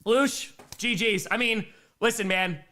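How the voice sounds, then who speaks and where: A man doing excitable live play-by-play and reactions on a stream, reading out fan messages, a bit out of breath. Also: on the high side, moderate pace. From Wisconsin, United States. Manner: excitable, hyped, reads fan messages aloud.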